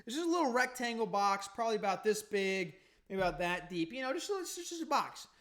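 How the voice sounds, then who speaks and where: A man's voice: sits high, sing-song, a little fast, fairly bright tone. A man hosting a podcast, telling a story in casual, profane, heated rambling. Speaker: podcast host.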